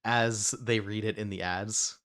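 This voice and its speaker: A man's voice: fairly low pitch, steady tone, measured pace, fairly bright tone, smooth. A man from New Jersey co-hosting a whiskey show in casual chat, rambling with many asides.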